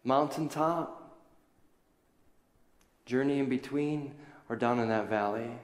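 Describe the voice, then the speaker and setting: A male pastor preaches in a large church, his voice carrying through a roomy space with a long reverb tail. He tells a story earnestly and tenderly, in a mid-pitched voice. The sound comes from some distance, as if caught by a room mic in the sanctuary. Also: moderate pace, darkish tone. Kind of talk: sermon. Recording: echoey hall from far off.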